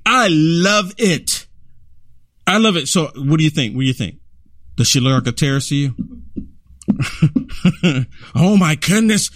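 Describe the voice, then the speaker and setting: Guy ranting over clips, high voice, indignant, keeps repeating himself. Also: expressive, fast talker, dry recording, clean studio sound. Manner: indignant, repetitive, urging. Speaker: commentator. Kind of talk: outraged political commentary over clips.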